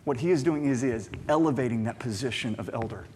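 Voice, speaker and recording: A man's voice: medium pitch, fast talker, a little mellow, a little hiss or hum. A man, a pastor, preaching a sermon in an emphatic, conversational way, often repeating words and asking rhetorical questions. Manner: conversational storytelling asides.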